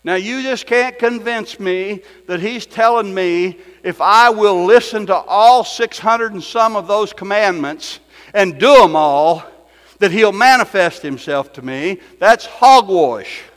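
A man preaching a sermon as pastor, folksy, repeating his phrases and swinging from loud to hushed. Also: high-pitched, unhurried. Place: church sanctuary. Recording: long reverb in a church hall with soft music behind.

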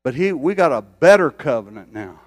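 A man's voice: a little high, big pitch swings, moderate pace, dry recording. An older man preaching a sermon, repeating phrases for emphasis and building intensity as he speaks. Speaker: pastor.

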